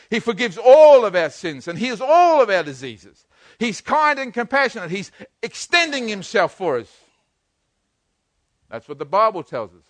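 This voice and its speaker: An older man preaching a sermon, swinging from hushed to loud. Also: high-pitched, dry recording. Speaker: pastor.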